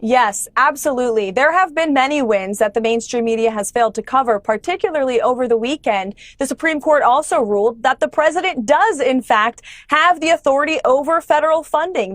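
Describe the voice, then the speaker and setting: A woman's voice: sits high, no echo, studio quality. A woman speaking as a government spokesperson in an interview, firm and polished. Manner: firm, polished, talking points. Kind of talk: press interview.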